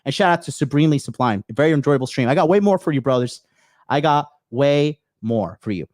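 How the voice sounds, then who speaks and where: A man's voice: fairly high pitch, animated, fast, darkish tone, no room sound, clean studio sound. A man hosting a livestream, giving blunt dating advice full of swearing, calling his viewers bros and answering chat messages. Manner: blunt and profane, heavy swearing; addresses viewers as bros, reads chat aloud. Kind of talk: unscripted livestream rant.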